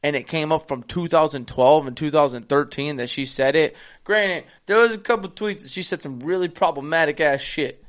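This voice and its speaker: Man, casual co-host chat, cursing a lot, excitable, fairly high voice. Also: normal speed, hardly any pauses. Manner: profane, animated, swings into high excited bursts. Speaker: podcast co-host.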